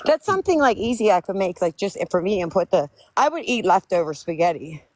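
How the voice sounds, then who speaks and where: A woman's voice: mid-range voice, sing-song, a little fast, dry recording. A woman chatting on a live stream while walking outdoors up hills, out of breath, holding her phone away from her mouth. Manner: chatty, warm, apologetic. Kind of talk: casual live-stream chat. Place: outdoors on hilly streets. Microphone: phone held away from mouth.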